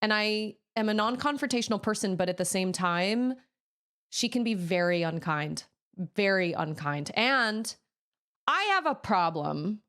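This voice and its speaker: A woman's voice: mid-range voice, animated, a little slow, a bit bright, clean tone. An adult woman game streamer in casual chat, frankly venting about a frustrating week.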